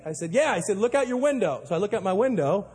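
A male pastor preaching a sermon, telling a story with animated delivery and acting out panicked quotes. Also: high-pitched, fast, husky. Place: church auditorium. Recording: long hall reverb.

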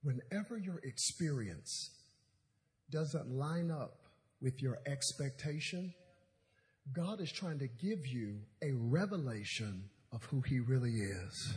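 A man's voice: medium pitch, expressive, slow pace, a little mellow. A male pastor in his thirties preaching a sermon in a church auditorium, telling comedic stories with call-and-response.

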